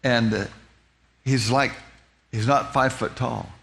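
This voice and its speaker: A man's voice: medium pitch, steady tone, takes it slowly, vocal fry, fairly bright tone. A man telling a personal testimony as a story, with many restarts and repeated words, lingering on vivid details. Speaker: speaker giving a personal testimony.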